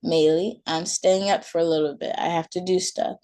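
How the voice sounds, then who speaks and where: A woman voicing a patient but firm young mother, gently scolding her child at bedtime. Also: on the low side, steady tone, normal speed, close to an everyday voice.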